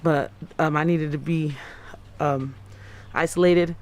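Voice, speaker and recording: A woman in her thirties tells her own story to a news interviewer, stumbling and repeating herself as she acts out what she said. Her voice is smooth and clear. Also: low-pitched, steady tone, darkish tone. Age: 30s. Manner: halting and repetitive, often acting out her own quoted words. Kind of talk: personal account in a news interview.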